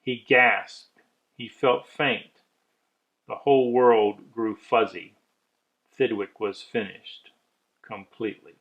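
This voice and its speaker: A man reading a rhyming children's story aloud with measured, expressive delivery. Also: medium pitch, poor audio.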